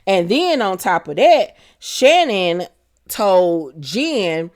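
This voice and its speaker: A woman hosts a casual gossip recap of a reality show, talking with sass and drama. She acts out the cast's lines as she goes. Her voice sits at a middling pitch. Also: sing-song, drawn-out words.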